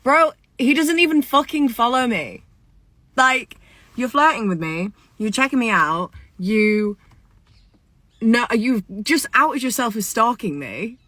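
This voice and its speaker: A woman's voice: on the high side, expressive, slow pace, pushed and bright, no room sound. A woman telling a dating story in a casual phone video, exasperated and sarcastic.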